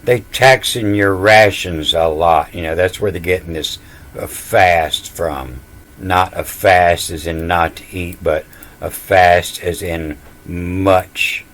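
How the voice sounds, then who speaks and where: A man with a deep, low voice gives a casual lecture, spelling out letters one at a time. He moves slowly and sounds sure of himself, brushing off other teachers. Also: a bit bright. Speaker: self-taught scripture reader.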